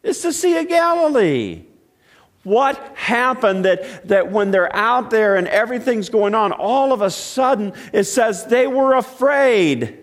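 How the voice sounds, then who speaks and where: A man preaching a sermon, telling stories and asking questions, swinging between loud exclaiming and hushed, quiet passages. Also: sits high, big pitch swings, measured pace. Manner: storytelling with repeated restarts and rhetorical questions. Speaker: pastor.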